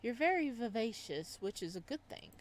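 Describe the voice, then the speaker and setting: A woman reading aloud the lines of a soft-spoken, possessive male psychiatrist in a visual novel, in a calm, quietly unsettling tone. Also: a little high, normal speed.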